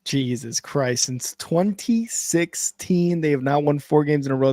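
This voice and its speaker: A man's voice: on the high side, measured pace, darkish tone, dry recording. An upbeat man hosts a sports podcast with a slightly raised voice. He speaks close to the mic, and the room sound is dry. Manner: upbeat, enthusiastic sign-off. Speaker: podcast host. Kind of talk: casual sports chat.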